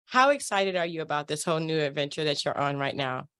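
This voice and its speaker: A woman's voice: deep voice, expressive, fast talker, a bit bright, clean tone. A woman hosting a casual interview, encouraging her guest and laughing easily. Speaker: interview host.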